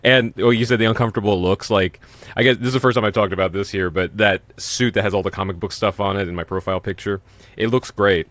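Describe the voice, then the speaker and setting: A man's voice: on the low side, steady tone, quick pace, a bit bright, no echo. A man hosting an interview, speaking in a loose, chatty way with plenty of fillers. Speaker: podcast host. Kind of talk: casual interview chat.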